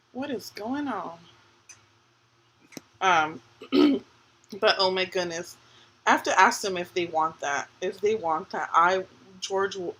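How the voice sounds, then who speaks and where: A woman's voice: on the low side, fairly bright tone, slight background noise, rough recording. A woman in her thirties hosting a live stream, telling family stories in a chatty, laughing way. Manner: chatty storytelling with frequent laughter. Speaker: livestream host. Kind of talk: casual chat.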